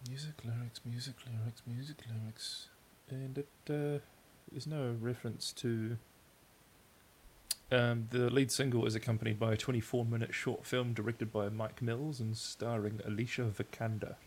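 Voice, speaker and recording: A man's voice: mid-range voice, level tone, normal speed, darkish tone, slight background noise. A man co-hosting a podcast in casual chat, joking and teasing his partner. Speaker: podcast co-host.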